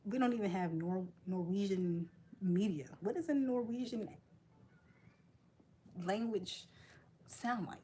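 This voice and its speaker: A woman chats casually for her vlog as she works, joking and laughing often. She talks at an unhurried pace in a mid-range voice, with faint noise in the background. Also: mid-range voice, warm tone. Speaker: vlogger. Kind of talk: casual chat while working.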